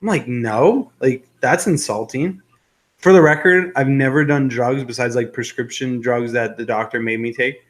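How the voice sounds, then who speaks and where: A young man chatting casually on a live stream, mid-pitched and relaxed. He rambles, jokes and reads out viewer comments, with plenty of ums and restarts. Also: fairly quick, few pauses. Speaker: livestream host.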